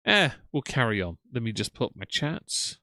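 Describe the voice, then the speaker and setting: A man's voice: mid-range voice, sing-song, moderate pace, background noise. A young man giving casual, sarcastic live-stream commentary and talking to his chat. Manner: chatty, sarcastic, greets chat by name. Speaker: streamer reacting to videos.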